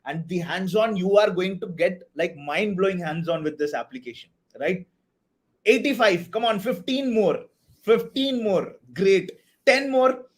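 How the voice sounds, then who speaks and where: A man teaching a live online DevOps class, energetic, often checking if everyone is clear. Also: high-pitched, unhurried. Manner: energetic, repeats "are you all clear" and "right"; hypes up the chat and counts down to a target. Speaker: DevOps instructor.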